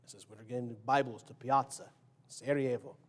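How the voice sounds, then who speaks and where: A man's voice: mid-range voice, steady tone, a little fast. A man preaching a sermon in a church, casual and joking, quizzing the congregation and acting out quotes. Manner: acts out quotes and sound effects. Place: church sanctuary.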